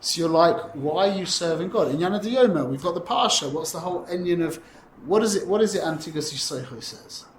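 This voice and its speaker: A man with a somewhat high voice leads a Torah class, animated and quick to restart his sentences. He teaches in an echoey room with a faint murmur of ambience behind him. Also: slight background noise. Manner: animated, uses Hebrew and Yiddish terms, frequent self-corrections. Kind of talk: lively class teaching Tanya. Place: classroom with students.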